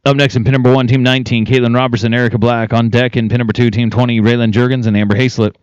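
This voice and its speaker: Announcer calling team penning runs. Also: male voice, mid-range voice, little pitch movement, rapid-fire, darkish tone, clear, resonant tone, no room sound, muffled recording. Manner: rattles off times, teams and cattle numbers. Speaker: arena announcer. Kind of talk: live event announcing.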